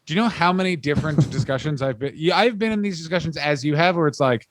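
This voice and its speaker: A man's voice: medium pitch, fast talker, few pauses, no echo. Joking Canadian man, dry close mic. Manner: rambling, jokey, acts out silly voices. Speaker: podcast co-host. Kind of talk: casual comedic chat.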